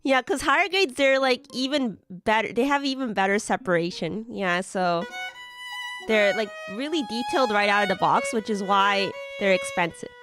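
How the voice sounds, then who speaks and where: A young adult woman streamer, a bit hoarse from being sick, chatting with viewers while building models, giggly and full of filler words. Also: medium pitch, moderate pace, over music.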